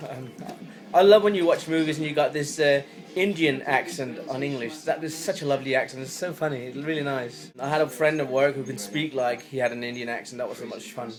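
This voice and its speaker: A man casually explaining a hobby craft step by step, then chatting about his day in a relaxed vlog. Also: medium pitch, fairly quick, crowd noise. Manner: easygoing, explains step by step with fillers. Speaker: fingerboard vlogger. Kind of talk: casual tutorial and daily vlog chat.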